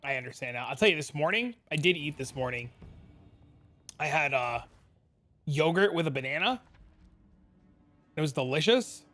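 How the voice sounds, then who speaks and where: A man's voice: on the high side, lively intonation, moderate pace, long pauses, sharp tone, faint music behind. A man streaming a game from a home room with a green screen, talking casually and rambling, swearing freely as he answers chat.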